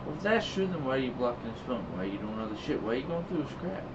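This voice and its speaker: A man's voice: medium pitch, sing-song, very fast. A man co-hosting a casual podcast, cutting in with blunt, crude remarks. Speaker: podcast co-host. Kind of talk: casual chat. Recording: distant lo-fi mic with clear room noise.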